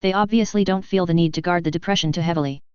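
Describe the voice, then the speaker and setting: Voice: medium pitch, fairly even intonation, fast, clean tone, dry recording, highs cut off, natural voice. A narrator playing a smug, scheming young officer. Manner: smug, sing-song.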